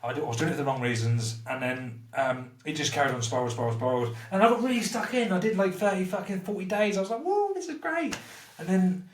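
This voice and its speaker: A man's voice: a little high, fast. A man guesting on a podcast, telling his story bluntly and candidly, swearing freely and mocking himself. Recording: roomy, slightly distant mic.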